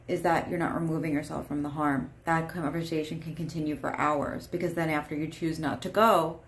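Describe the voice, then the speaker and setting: A woman coach explaining calmly and steadily what does and does not work. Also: sits low. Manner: calm, measured and explanatory. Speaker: emotional abuse coach. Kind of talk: instructional explanation. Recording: roomy echo.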